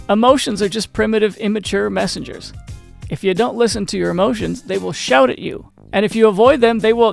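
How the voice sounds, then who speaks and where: A man's voice: high-pitched, creaky. A man hosting his own channel, talking casually to the viewer, with frequent restarts and questions to the listener. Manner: conversational, repeats and restarts, asks the viewer questions. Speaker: channel host. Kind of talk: casual talk to camera.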